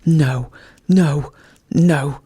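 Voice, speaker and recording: A reader voicing a fanatically loyal male hunting dog who yelps loudly in a frenzy of devotion, read as a bedtime story. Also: medium pitch, measured pace, vocal fry, husky. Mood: refusing. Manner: yelping, loud and frenzied.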